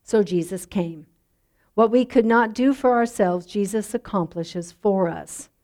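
Woman pastor, sermon, measured and reflective, soft endings. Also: medium pitch.

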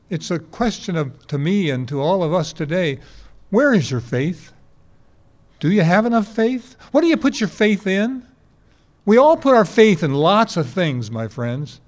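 A man in his eighties preaching a sermon to a congregation, telling folksy stories and asking rhetorical questions. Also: high voice. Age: 80s. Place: before a congregation.

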